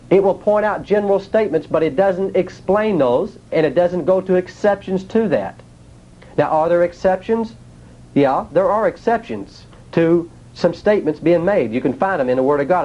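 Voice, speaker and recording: A man's voice: fairly high pitch, darkish tone, lo-fi sound. A man teaching a sermon in a plain, folksy way, asking his listeners rhetorical questions. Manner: nonstandard grammar, folksy speech. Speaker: preacher.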